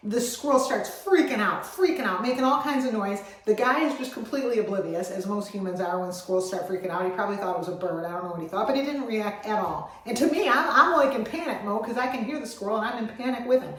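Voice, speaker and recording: Animated woman storyteller in an echoey space. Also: a little high, quick pace, few pauses. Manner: expressive, swings from loud excitement to hushed calm. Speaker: animal rescue vlogger. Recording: very echoey voice, far from the mic.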